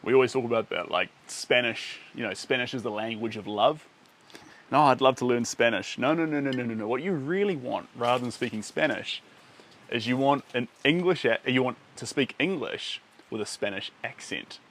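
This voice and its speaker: A man's voice: medium pitch, normal speed, fairly bright tone. A man chatting casually with his viewers during a live art stream, rambling and playful, often chuckling. He is recording outdoors under a shelter by a lake.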